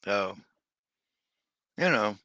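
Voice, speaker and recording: Man, livestream seller, casual rambling chat, unhurried, bright tone. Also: on the low side, animated, dry recording. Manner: rambling, slow, with many fillers and restarts.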